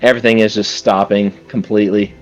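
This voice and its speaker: Low-voiced man narrating a tabletop game. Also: little pitch movement, fast, soft background music. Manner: casual, filler-heavy storytelling. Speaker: dungeon master.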